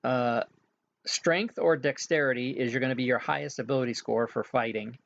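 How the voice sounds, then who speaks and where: A man's voice: medium pitch, moderate pace, creaky, a bit bright, lo-fi sound. A man working as game master, casually walking players through setup with frequent filler sounds. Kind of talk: casual instructions during an online game session.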